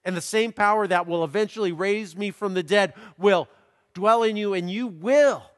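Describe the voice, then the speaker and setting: A man preaching, reading a scripture passage aloud and pausing to comment on it in a slow, deliberate manner. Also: high-pitched. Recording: long hall reverb.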